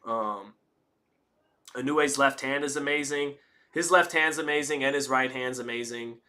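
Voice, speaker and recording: A man's voice: medium pitch, unhurried, sharp tone. A man hosting a live fight-commentary stream, reading chat messages aloud in a laid-back way that slides between formal talk and slang. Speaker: livestream host reading chat.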